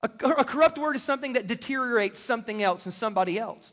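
A man's voice: very high voice, fast talker, fairly bright tone. A man preaching a sermon as a pastor, talking in a conversational way with joking asides to the congregation. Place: church stage in a large hall. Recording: long hall reverb.

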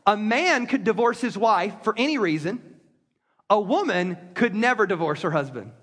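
A man preaching a sermon to a congregation in a lively, conversational way. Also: high voice, moderate pace, slightly rough. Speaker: pastor. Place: church sanctuary with congregation. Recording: long reverb of a large hall.

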